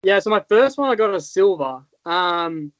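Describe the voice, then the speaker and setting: Man, Australian accent, high voice, rambling fillers, dull lo-fi recording. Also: lively intonation, moderate pace, fairly bright tone, no echo. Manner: rambling, many fillers and restarts. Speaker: guest, freestyle motocross rider. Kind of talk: casual interview chat. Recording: dull, lo-fi sound.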